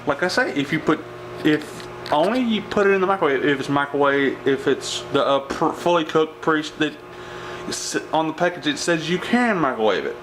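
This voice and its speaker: Over clattering dishes and cutlery in a noisy home kitchen, a man with a slightly high, expressive voice speaks at a moderate pace. He's hosting a casual cooking vlog, rambling along with lots of fillers and restarts.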